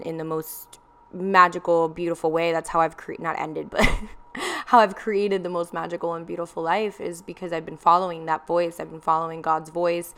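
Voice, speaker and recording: A woman's voice: low voice, a bit bright, clean tone. A young woman telling a candid personal story in a confessional vlog, with plenty of ums and likes.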